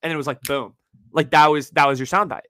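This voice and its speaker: Bright, dry-voiced young man podcasting solo. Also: on the high side, fast, dry recording. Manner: casual, profane, animated storytelling with slang. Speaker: podcast host.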